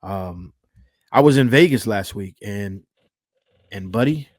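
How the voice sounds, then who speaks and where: A man's voice: on the low side, expressive, slow, no room sound, studio quality. A man co-hosting a podcast, telling stories in loose, profane casual chat. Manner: profane, laid-back storyteller. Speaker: podcast co-host.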